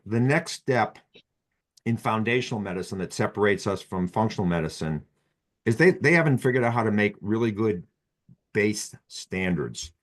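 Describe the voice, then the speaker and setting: A man's voice: fairly low pitch, expressive, normal speed. A man with a Boston accent talking casually on a podcast, rambling with frequent restarts and "you know" as he explains medical ideas. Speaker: physician guest.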